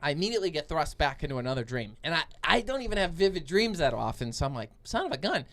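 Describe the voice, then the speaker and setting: Young man, podcast co-host, slightly high pitch, rambling detailed storytelling, casual. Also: sing-song, fast talker, a bit bright. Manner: long detailed storytelling with many fillers and restarts.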